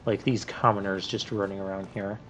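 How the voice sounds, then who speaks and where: A man's voice: lowish voice, flat delivery, a little fast, fairly bright tone, a little hiss or hum. A man hosting a let's play, giving chatty, joking, rambling commentary over recorded gameplay.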